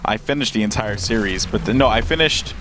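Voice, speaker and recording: A man's voice: lowish voice, expressive, fairly quick, fairly bright tone, a little hiss or hum, low-quality recording. A man co-commentating an esports match in a playful, rambling, easily amused way. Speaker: esports caster. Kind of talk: casual play-by-play commentary.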